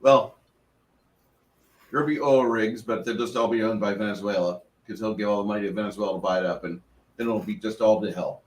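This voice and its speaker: A man's voice: lowish voice, fairly even intonation, a little fast, distant mic. A man, running a tabletop game and chatting in an earnest, rambling way, often restarting his sentences. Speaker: game master. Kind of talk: casual chat after a tabletop game. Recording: echoey room from off-mic with faint noise.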